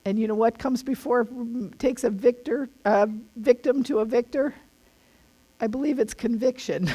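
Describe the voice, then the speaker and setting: A woman's voice: fairly high pitch, moderate pace, mellow. Earnest, emphatic middle-aged woman teaching. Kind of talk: casual spoken teaching.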